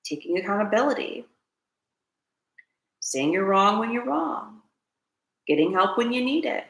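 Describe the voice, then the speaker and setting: Gravelly woman preaching self-help. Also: medium pitch, big pitch swings, measured pace, reverberant, low-quality recording. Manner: earnest, preachy, repeats key lines, asks viewers to comment. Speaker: host. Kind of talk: spiritual self-help talk to camera.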